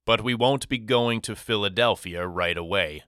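A man voicing a loving, soft-spoken father talking to his two sons in an audiobook. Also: lowish voice, moderate pace, clean tone, dry recording, clean studio sound. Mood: reassuring. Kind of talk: audiobook character reading.

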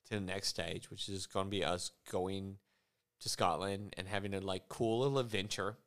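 A man's voice: sits low, fairly even intonation, normal speed, a bit bright, smooth. A man in his forties co-hosting a podcast in casual chat, rambling with lots of fillers and restarts. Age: 40s. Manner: rambling, filler-heavy, self-interrupting. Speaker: podcast co-host.

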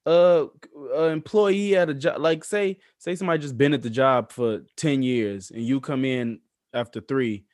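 A man's voice: mid-range voice, moderate pace, darkish tone, dry recording, clean studio sound. A young man co-hosting a podcast, talking in a laid-back, reflective way and explaining things at length. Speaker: podcast co-host. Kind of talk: casual chat.

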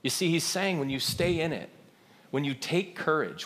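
A man's voice: fairly high pitch, normal speed, fairly bright tone, long reverb tail. A man giving a sermon as a pastor, telling a story in a conversational way and asking the crowd questions.

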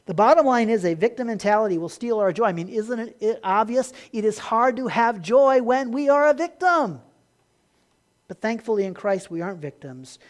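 A man's voice: high voice, expressive, moderate pace. Earnest man preaching a sermon. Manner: earnest preaching, swings from emphatic to quiet; repeats words when restarting. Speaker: pastor.

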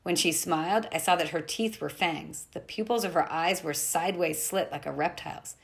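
Reading a novel aloud, a female audiobook narrator tells a first-person adventure story expressively. Her voice is lowish and creaky, at a normal speed.

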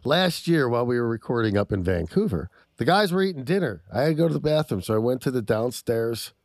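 A man co-hosting a podcast, swapping crude stories in loose casual chat. He gets excitable as he tells them, at an everyday pitch, and the sound is close and dry with no room in it. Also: fast talker, dry recording. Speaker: podcast co-host.

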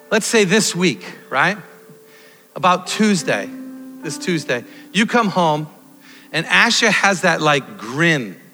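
A man preaching a sermon, swinging from loud exhortation to quiet storytelling. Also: a little high. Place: church hall. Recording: long hall reverb with faint music.

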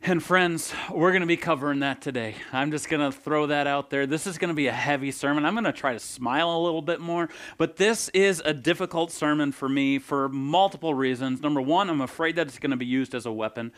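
An earnest male pastor preaching a sermon, telling a story with animation. His voice sits a little high for a man. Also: brisk, few pauses, a bit bright, no room sound.

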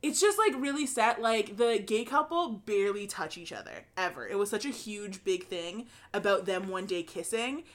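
A woman's voice: mid-range voice, animated, normal speed, hardly any pauses, fairly bright tone. Blunt, opinionated young woman. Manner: opinionated, blunt, swears freely. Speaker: podcast co-host. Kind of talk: casual chat.

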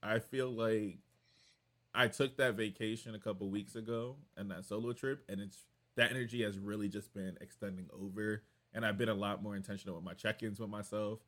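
Young American male podcast host, animated, playful, casual chat. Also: fairly low pitch, a little fast. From United States. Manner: animated, laughs often, playful.

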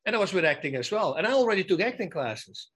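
A man being interviewed as a guest, telling lively anecdotes in a casual way, often restarting his sentences and adding emphatic asides. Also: high voice, fast talker, slightly rough. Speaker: guest, former fighter turned actor.

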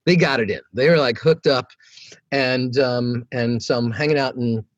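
A man from New York, a meditation teacher and podcast guest, talking in a relaxed way and telling stories in which he acts out the voices of the people he quotes. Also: moderate pace, no echo, highs cut off. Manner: animated storyteller who acts out quoted dialogue in a higher voice. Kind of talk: relaxed storytelling conversation.

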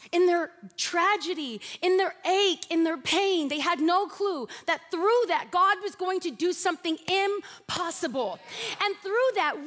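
A woman preacher delivering a sermon with animated, humorous storytelling from a church stage. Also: very high-pitched. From Mexican and Puerto Rican family. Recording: long reverb of a large hall.

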